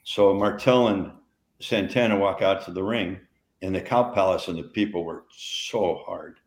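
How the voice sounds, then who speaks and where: In a roomy-sounding space, an older former wrestler shares meandering anecdotes as a podcast co-host, laughing and starting over often in relaxed chat. His voice sits low and his pace is measured.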